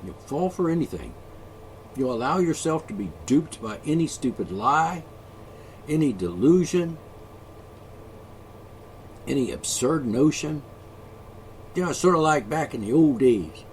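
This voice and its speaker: A man in the middle of an angry solo rant, swearing freely and dripping with sarcasm. His pitch jumps all over the place as he mocks the people he is fed up with. A faint hiss of noise sits under the recording. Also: very animated, a little slow, long pauses. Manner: profane, sarcastic, mocking. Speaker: ranting vlogger.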